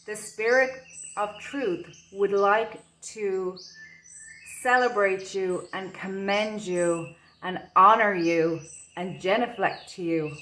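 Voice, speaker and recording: Slow, dreamy woman reading tarot. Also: medium pitch, a bit bright, a little hiss or hum. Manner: slow, dreamy, gushing with wonder. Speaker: tarot reader.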